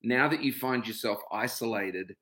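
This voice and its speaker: Chatty Australian man with a bright voice. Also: mid-range voice, normal speed. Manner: chatty, greets viewers by name, turns to a reflective personal talk. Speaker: livestream host. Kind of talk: casual livestream chat with viewers. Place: home.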